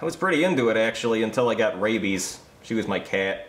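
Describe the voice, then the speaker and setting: A man playing a hapless male police officer who rambles along in an offhand, deadpan way. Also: lowish voice, fast. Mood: rambling. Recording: echoey room.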